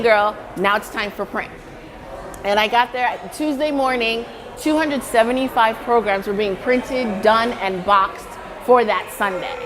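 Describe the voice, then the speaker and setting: A woman's voice: a little high, a little hiss or hum, low-quality recording. A woman giving a casual testimonial, telling her story in a chatty way, acting out what people said and laughing often. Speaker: satisfied client giving a testimonial.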